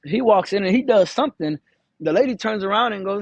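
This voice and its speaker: A truck driver tells a story straight to camera, blunt and swearing freely, and acts out what others said. His voice sits a little high for a man. The sound is dry, with no room echo. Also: animated, a little fast, highs cut off. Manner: candid, profane, acts out quoted dialogue. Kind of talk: casual storytelling vlog.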